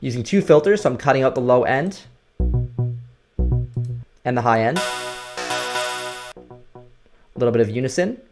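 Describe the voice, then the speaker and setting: A man's voice: mid-range voice, lively intonation, a little slow, pauses often. Guy walking through a production tutorial, chill and explainy, faint music under it. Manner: casual explanatory, says "right?" and "like" a lot. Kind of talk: screen-recorded production tutorial.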